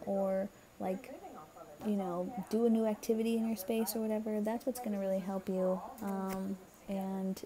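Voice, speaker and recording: A young woman giving a casual, encouraging spiritual card reading, chatty and full of fillers, her voice tired and a little crackly. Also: a little high. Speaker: tarot card reader.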